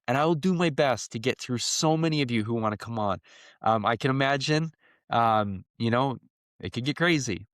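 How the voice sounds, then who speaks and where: A man's voice: fairly low pitch, dry recording, clean studio sound. A man in his thirties hosting a podcast in a casual solo monologue, talking earnestly and rambling with many fillers. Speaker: podcast host.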